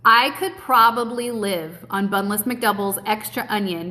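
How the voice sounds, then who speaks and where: A woman hosting a live keto Q&A stream from home speaks a little slowly with few pauses, her mid-range voice bright and forceful. She eats while answering viewer questions, cursing freely in a blunt, cheerful way and talking with her mouth full.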